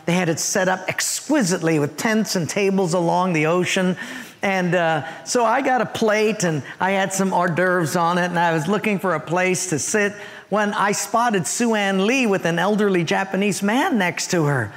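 A man's voice: sits high, normal speed, big-room sound. A male pastor preaching a sermon to his church, telling humorous stories and acting out their voices. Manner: animated storytelling with acted voices and humor. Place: church sanctuary.

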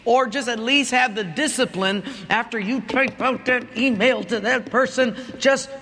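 A man's voice: extremely high pitch, a little slow, bright, forceful tone, big-room sound, slight background noise. A man preaching a sermon as a pastor, telling stories animatedly and with humor.

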